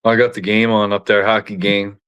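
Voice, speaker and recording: A man's voice: fairly low pitch, flat delivery, fairly quick, fairly bright tone, clear, resonant tone, lo-fi sound. A man hosting casual banter, profane and joking. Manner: profane, laid-back, joking.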